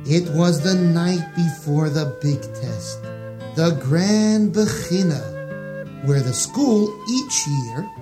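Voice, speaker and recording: A man narrating a rhyming children's story in a sing-song, expressive way. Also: high-pitched. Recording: music playing behind.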